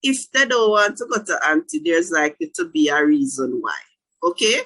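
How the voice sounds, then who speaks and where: Woman counselor, lowish voice, earnest workshop host checking in with listeners, video call. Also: sing-song, moderate pace, a bit bright, husky, low-quality recording. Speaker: counselor leading a parenting workshop. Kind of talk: online workshop talk.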